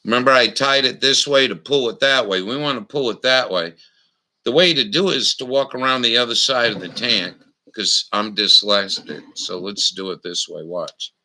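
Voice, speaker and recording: Slow-talking man, bright crude knot demonstrator. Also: mid-range voice, low-quality recording. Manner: salty, crude humor with frequent swearing; slow, instructional, talking to chat viewers. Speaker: livestream host. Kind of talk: casual livestream chat, demonstrating knots.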